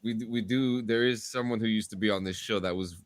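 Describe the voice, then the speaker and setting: A man's voice: on the low side, fairly even intonation, brisk, dry recording. A man hosting a casual podcast, rambling and restarting his sentences as he signs off. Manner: rambling, repeats words while starting sentences. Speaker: podcast host.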